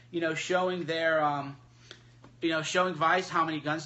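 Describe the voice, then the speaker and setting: Brash, bright-voiced man on a livestream. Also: on the high side, expressive, moderate pace, highs cut off. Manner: mocking, blunt and emphatic. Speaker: livestream host. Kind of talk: casual livestream monologue. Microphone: phone livestream.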